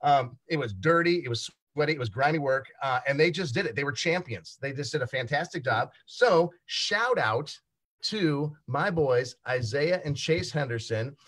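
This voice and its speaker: A man's voice: fairly high pitch, lively intonation, normal speed, fairly bright tone. A middle-aged man from South Dakota co-hosting a casual talk show, telling stories in an upbeat, easygoing way. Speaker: co-host. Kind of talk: casual chat.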